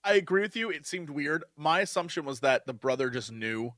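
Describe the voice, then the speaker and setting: A man's voice: on the high side, expressive, a little fast, a bit bright, no echo, clean studio sound. A man co-hosting a podcast who talks casually and with enthusiasm, his sentences full of loose filler words. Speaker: podcast co-host. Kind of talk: casual chat.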